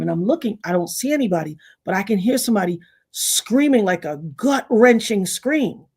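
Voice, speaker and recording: A middle-aged woman from New York hosting a casual livestream, telling personal stories in an animated way, acting out quotes and thanking her chat. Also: medium pitch, a little fast, husky. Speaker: livestream host.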